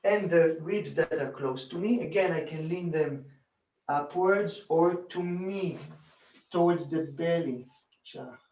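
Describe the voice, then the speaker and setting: A man, a bodywork teacher, calmly explaining a hands-on demonstration and chanting rhythm sounds as he works. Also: a little high, highs cut off. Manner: calm, unhurried, counts and chants rhythm sounds while demonstrating. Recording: echoey room, voice from a distance.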